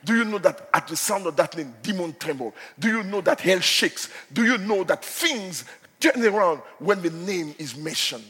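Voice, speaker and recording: High-pitched preacher in a ringing hall. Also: male voice, expressive, normal speed, husky. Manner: impassioned, swinging from hushed to shouting. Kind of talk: sermon. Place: church hall.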